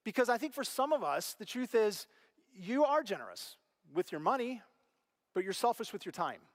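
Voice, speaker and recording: A middle-aged male pastor preaching a sermon, telling stories with animated delivery and acting out voices, dropping to a hush and rising again. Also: high-pitched, moderate pace, long reverb tail. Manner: animated storytelling, acts out quoted voices, big swings from loud to hushed. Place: church auditorium.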